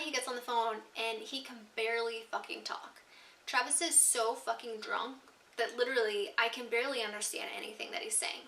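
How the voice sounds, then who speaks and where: A woman's voice: a little high, bright, forceful tone, far from the mic. A woman in her twenties telling a storytime vlog, candid and upset, swearing freely as she recounts her grievance. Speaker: vlogger. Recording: roomy echo, mic set back.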